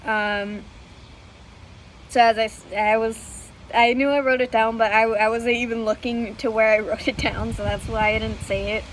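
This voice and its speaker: A woman's voice: a little high, little pitch movement, normal speed, a little hiss or hum, rough recording. A woman vlogger telling history in a casual, hesitant way, with many fillers and self-corrections, often laughing at herself. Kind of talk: casual unscripted storytelling.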